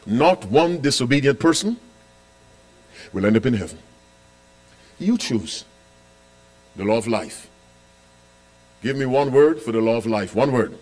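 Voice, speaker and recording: A man preaching a sermon as pastor, quizzing the congregation and repeating key lines, with loud emphatic declarations and quiet asides. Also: mid-range voice, lively intonation, a little slow, long pauses.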